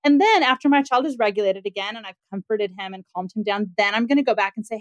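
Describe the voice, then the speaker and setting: A woman's voice: mid-range voice, rapid-fire, hardly any pauses, dry recording. A woman parenting expert talking through examples in a casual podcast discussion, acting out quotes as she goes. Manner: animated, acts out parent and child quotes.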